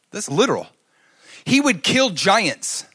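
A middle-aged man preaching a sermon, telling stories and swinging from loud to hushed. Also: high-pitched, big pitch swings, takes it slowly, breathy edge. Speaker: pastor.

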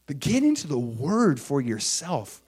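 Animated male preacher with lively pitch. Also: measured pace, slightly rough. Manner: animated testimony, swinging from hushed whispers to excited shouts. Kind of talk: sermon.

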